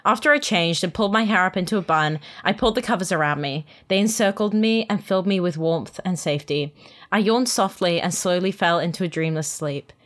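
A woman's voice: lowish voice, a little fast. A young woman and podcast co-host reading a fan fiction aloud in the first person, dramatic, with amused asides in the chat. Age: young adult.

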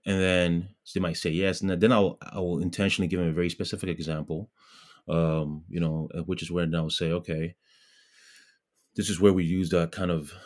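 A man's voice: low voice, level tone, fairly quick. A man from Ghana, a guest in an interview, talking earnestly with lots of fillers and restarts. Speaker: guest, pro-life blogger. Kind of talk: casual interview talk.

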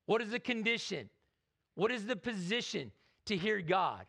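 Pastor, man, high gravelly voice, energetic sermon delivery with call-and-response. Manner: repeats words, slows to read scripture. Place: church sanctuary.

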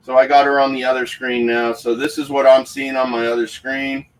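A man's voice: mid-range voice, flat delivery, fairly quick, distant mic, poor audio. Fired-up, swearing man on a livestream. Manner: fired-up, profane, emphatic. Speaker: paranormal livestream host. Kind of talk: casual live-stream chat. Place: room at home. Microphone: phone.

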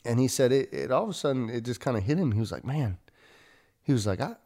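A man's voice: medium pitch, lively intonation, fast talker, dark tone. Male podcast host, folksy, self-deprecating storyteller, mid-range voice. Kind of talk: casual storytelling.

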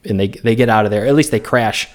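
A man's voice: lowish voice, quick pace. A man co-hosting a casual movie podcast, rambling through the plot, restarting sentences and laughing often. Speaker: podcast co-host.

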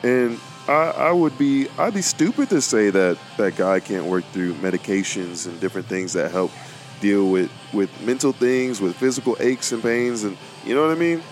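A man's voice: on the low side, animated, normal speed, soft background music. A young man talking casually about faith and his life as a podcast host, rambling and repeating words, with plenty of informal slang. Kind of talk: casual faith-based monologue.

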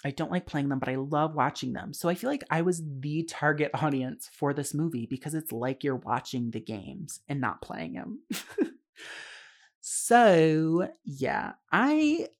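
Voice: mid-range voice, lively intonation, measured pace. A young adult podcast host giving a casual solo film review, chatty and candid, swearing freely and laughing often. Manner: chatty with frequent fillers and asides.

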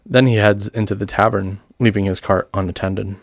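Low-voiced man running a tabletop game. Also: little pitch movement, normal speed, vocal fry, no echo, studio quality. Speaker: game master.

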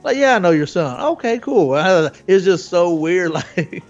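A man's voice: sits high, very animated, normal speed, lo-fi sound, faint music behind. A man in his forties telling profane, laughing stories as co-host of a casual podcast. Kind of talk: casual chat.

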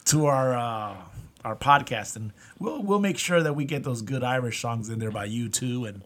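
A man's voice: medium pitch, moderate pace, a bit bright. A man co-hosting a podcast in casual chat, rambling and restarting his sentences. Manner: rambling, laughs often, many restarts. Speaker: podcast co-host.

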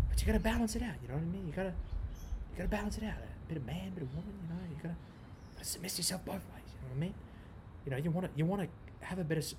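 A young podcast host with a voice that sits high, recorded with a little hiss or hum. His monologue is loose and profane, circling back over the same points and straying onto tangents.

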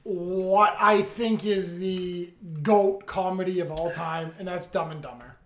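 A man co-hosting a podcast, excitable and swearing freely in casual chat. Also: high-pitched, a little slow, slight background noise. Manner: excitable, swears, laughs often. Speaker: podcast co-host. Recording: echoey room.

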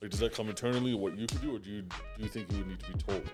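Man, quick relaxed podcast co-host, casual cursing, clear music playing behind the voice. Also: on the low side. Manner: relaxed, advice-giving, swears casually. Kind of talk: casual chat.

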